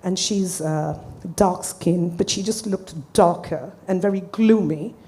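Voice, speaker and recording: A woman therapist presenting a client case to an audience, speaking earnestly and hesitantly, with pauses. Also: on the low side, mellow.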